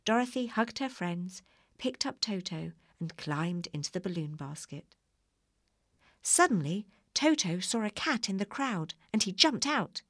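Woman narrator, calm storybook reading; dry close sound. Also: medium pitch, unhurried, dry recording.

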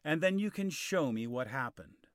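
A man voicing Sir Hector, a dignified older knight and father in a storybook reading, speaking calmly and in measured tones. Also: fairly high pitch, dry recording, studio quality, soft background music, voice pushed up, close to an everyday voice. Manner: calm and measured.

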